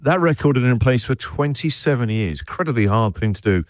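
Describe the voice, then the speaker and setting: A man's voice: mid-range voice, expressive, fast, dry recording, studio quality. A man hosting a radio breakfast show, reading out listener messages and teasing his co-hosts with a laugh. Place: radio studio.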